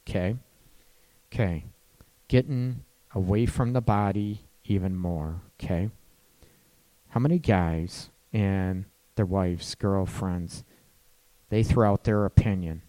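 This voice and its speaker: A man's voice: fairly low pitch, slow pace, long pauses, warm tone. A man giving casual relationship advice to listeners, talking loosely and often asking "right?" as he goes. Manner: chatty, keeps asking "right?", laughs at his own points.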